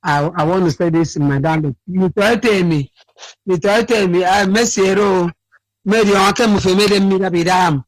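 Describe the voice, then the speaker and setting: Sleepy high-voiced caller. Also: male voice, moderate pace, dry recording, rough recording. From Akwa Ibom State, Nigeria. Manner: rambling, repeats himself, switches to his dialect. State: sleepy, cracking voice. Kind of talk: phone-in call to a radio show.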